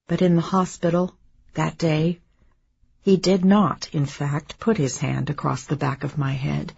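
A woman narrating a memoir in a measured, subdued reading. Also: low-pitched, creaky, darkish tone, slightly rough, highs cut off.

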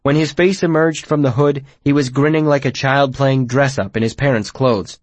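A man narrating first-person fiction in a measured, expressive storytelling manner, on a close mic. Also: mid-range voice, no room sound. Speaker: audiobook narrator.

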